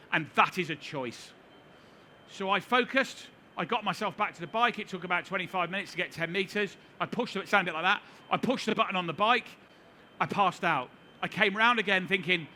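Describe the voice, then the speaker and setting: A man's voice: high-pitched, a little fast, pushed and bright, a little hiss or hum. A middle-aged man giving a seminar talk, telling a story to a live audience with wry, self-deprecating humor. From United Kingdom. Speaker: seminar speaker. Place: conference hall.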